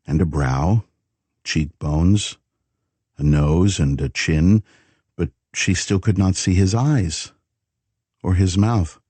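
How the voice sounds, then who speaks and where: A man reading a thriller audiobook in calm, measured narration. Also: a bass voice, husky, no echo. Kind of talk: scripted narration.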